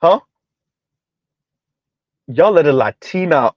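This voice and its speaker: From South Florida, a commentary channel host with a fairly high, sing-song voice gives a reaction commentary, emphatic and sarcastic, stretching words for effect and often adding a rhetorical "huh?". The recording is dry, with the highs cut off.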